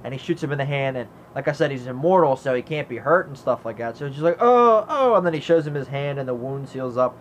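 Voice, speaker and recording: An enthusiastic man talks through a film in a casual review at an average pitch. He rambles, recounts scenes and leans on "you know" fillers. A faint noise sits behind him. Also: fast talker, hardly any pauses, lo-fi sound. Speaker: movie reviewer. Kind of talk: casual movie review vlog.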